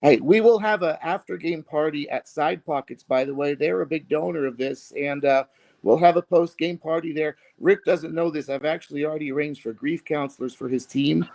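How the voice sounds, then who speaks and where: A man with a gravelly, slightly high voice guests on a radio show. He has an American accent and delivers his jokes in a dry, teasing way. The studio sound is close and dry. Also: moderate pace, darkish tone, no echo. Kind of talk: casual radio interview.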